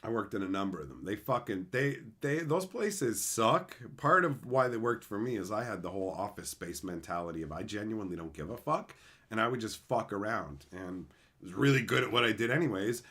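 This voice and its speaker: With a voice on the low side, a bit bright and fairly quick, plus lively intonation, this streamer tells his viewers blunt stories laced with profanity. He laughs while acting out the characters in a casual live-stream chat.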